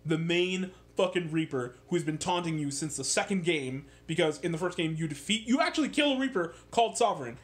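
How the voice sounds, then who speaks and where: A man ranting about a video game in a casual, sarcastic way, swearing a lot and getting animated. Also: fairly high pitch, fairly quick, few pauses. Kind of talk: casual profane rant.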